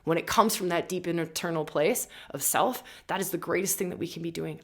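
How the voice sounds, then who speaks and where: A woman's voice: on the low side, fairly quick. A woman in her forties giving a casual, fervent spiritual talk on astrology. She swears freely and keeps asking "right?". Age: 40s. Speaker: astrologer and membership host.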